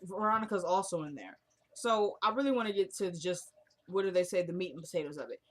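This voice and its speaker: A woman's voice: on the low side, quick pace. Chatty woman recapping a TV episode. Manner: chatty, opinionated, reacts loudly to the plot. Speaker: TV recap vlogger.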